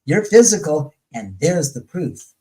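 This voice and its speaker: A man with a somewhat high voice, talking as a guest in a casual, blunt and profane way. He slips into the voices of the people in his stories as he tells them, and the delivery keeps jumping around. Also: sing-song, unhurried, dark tone, rough recording. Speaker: guest on a paranormal talk show. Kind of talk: casual storytelling in conversation.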